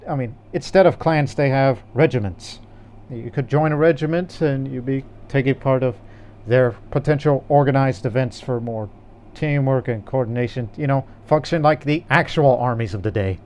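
Easygoing male podcast co-host, smooth clear voice, rambling casual delivery with restarts. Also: medium pitch, normal speed, darkish tone.

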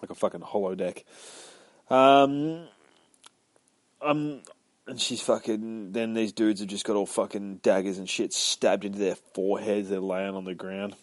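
Man, low voice, casual comic recap, rambling, heavy swearing, dry close sound. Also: fairly even intonation, measured pace, dry recording. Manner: profane, rambling, sweary play-by-play. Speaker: podcast co-host reviewing comics.

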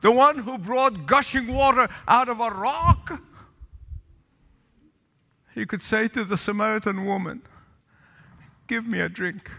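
A man's voice: very high-pitched, a little slow, creaky, long pauses, sharp tone, big-room sound. A male pastor preaching a sermon, calling for responses from the congregation and repeating lines for emphasis. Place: church sanctuary with balcony.

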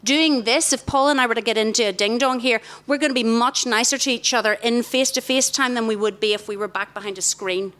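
A middle-aged woman, giving a lively, direct sermon to a tent of girls. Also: fairly high pitch, a little fast, few pauses. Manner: lively, direct, warmly emphatic. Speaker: youth speaker. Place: large tent.

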